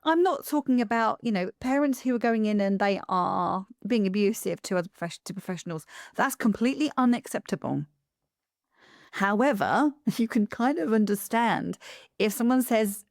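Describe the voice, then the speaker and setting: A woman hosting a podcast, talking in an emphatic, animated way with quick asides. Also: mid-range voice, dry recording, clean studio sound. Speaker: podcast host. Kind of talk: conversational podcast interview.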